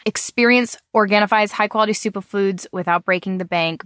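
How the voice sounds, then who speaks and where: A woman's voice: medium pitch, a little fast, a bit bright, dry recording, studio quality. A woman in her thirties hosting a podcast, chatting casually with a slightly nasal voice from a cold. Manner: chatty, with fillers and light laughs. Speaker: podcast host. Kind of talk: casual podcast chat with a sponsor read.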